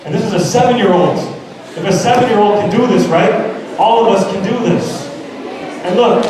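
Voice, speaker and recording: A man's voice: high voice, moderate pace, noisy background. A man giving a motivational speech at a school assembly, telling emphatic stories and acting out the quotes. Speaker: motivational speaker. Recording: echoey hall heard from far off.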